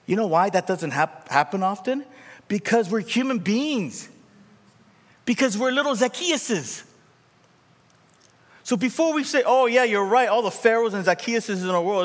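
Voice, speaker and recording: A man preaching a sermon, animated and rising to near shouts, acting out quoted voices. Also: high voice. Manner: acts out quoted voices in dialogue. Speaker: pastor. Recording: reverberant hall.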